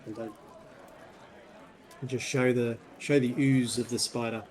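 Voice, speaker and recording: A man playing a tabletop game, speaking in terse, gruff in-character statements. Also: medium pitch, fairly even intonation, measured pace, a little mellow, rough recording. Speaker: player.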